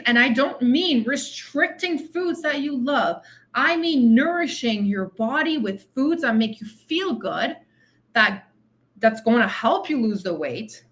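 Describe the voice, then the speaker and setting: Female coach-host, blunt and motivating, slightly high pitch, punchy repetition. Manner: direct tough-love, repeats phrases for emphasis. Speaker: weight loss coach and podcast host. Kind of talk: motivational monologue.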